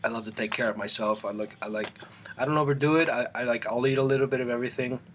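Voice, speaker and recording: A man's voice: medium pitch, steady tone, a little hiss or hum. Rambling Colombian-born man in his studio. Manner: rambling, halting, with many restarts and fillers. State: eating, mouth full at times. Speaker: artist and channel host. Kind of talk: casual chat to camera. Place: home art studio.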